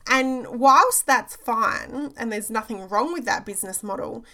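Bright-voiced woman coach. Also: on the high side, expressive, unhurried. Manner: emphatic, repeats phrases, checks in with "okay?". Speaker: business coach. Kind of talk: motivational podcast talk.

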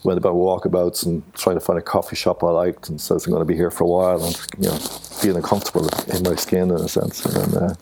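An older Irish man telling a long personal story in a rambling, halting way, retelling conversations with "I says". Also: deep voice, little pitch movement, gravelly, noisy background. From Ireland. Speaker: guest, artist. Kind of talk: casual storytelling.

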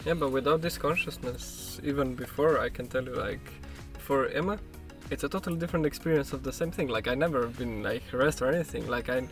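A man speaking softly and hesitantly in a casual conversation, with lots of fillers. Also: medium pitch, brisk, hardly any pauses, music in the background. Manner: soft-spoken, hesitant, filler-heavy.

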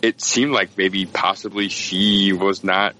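A very low-voiced man with a bright, forceful tone co-hosts a podcast in casual chat. He talks in a halting, jokey way, with faint ambient noise behind him. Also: level tone, rough recording. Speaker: podcast co-host.

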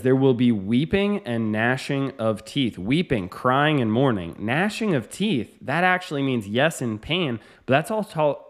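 An earnest male preacher whose voice rises and falls with lively, animated pitch. He rushes through asides, then slows down to stress key lines. His voice sits in a middle register. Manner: earnest, emphatic, shifts between fast asides and slow stressed lines. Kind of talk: sermon teaching.

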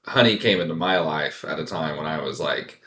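A man's voice: very deep voice, fairly quick, sharp tone, a little hiss or hum. A man in casual podcast chat, telling a story with lots of "like" fillers and rambling restarts. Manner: rambling, heavy use of "like" fillers.

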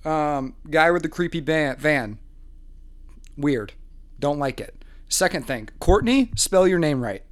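Slightly high-voiced guy cracking jokes, laughing a lot, casual podcast chat. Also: animated, slow pace. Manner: joking, laughs often, playful rants. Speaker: podcast co-host. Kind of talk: casual chat reviewing a dating show.

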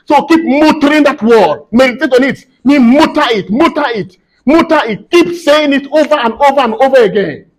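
Man, preacher, sermon in church, very high pitch, emphatic, repeats phrases, call-and-response questions. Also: lively intonation, normal speed, low-quality recording.

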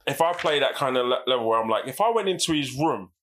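A man's voice: mid-range voice, expressive, quick pace, fairly bright tone. A man co-hosts a podcast with a mid-range voice. He talks bluntly and swears a lot, acting out little scenes as he goes. He is close on a studio microphone. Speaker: podcast co-host. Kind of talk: casual podcast chat.

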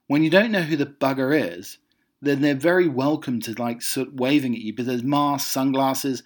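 A man's voice: medium pitch, normal speed. Wry rambling man. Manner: rambling, wry, reading out a list. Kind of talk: casual chat.

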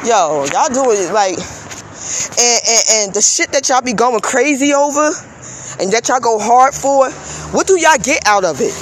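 A woman's voice: a little high, lively intonation, unhurried, noisy background. Woman on a fervent, profane rant. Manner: profane, repetitive, rhetorical questions to viewers; fervent and preachy, prone to stammered restarts. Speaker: vlogger. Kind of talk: impassioned social media rant.

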